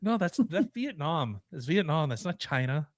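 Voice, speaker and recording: A man's voice: fairly high pitch, sing-song, normal speed, a little hiss or hum. A man co-hosting a podcast, trading crude jokes and laughing often in casual banter. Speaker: podcast co-host.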